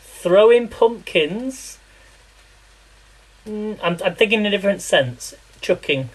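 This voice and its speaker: A man's voice: sits high, expressive, takes it slowly, rough recording. Chatty man cooking live. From England. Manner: chatty, rambling, laughs often, quizzes viewers. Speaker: live-streaming home cook. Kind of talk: casual live cooking chat.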